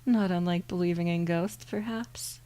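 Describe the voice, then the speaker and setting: A woman softly voicing a suave male crow demon with formal, old-fashioned manners, in a whispered role-play. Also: fairly low pitch, steady tone, moderate pace, clean tone, natural voice, poor audio. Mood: silky.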